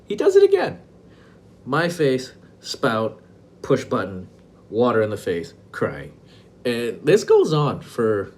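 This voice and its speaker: Podcast host, man in his forties from Laos, deep voice, halting wry storyteller, faint hiss under the track. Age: 40s. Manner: wry, self-deprecating, halting with frequent restarts. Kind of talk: casual personal storytelling. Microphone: close podcast mic, audio only.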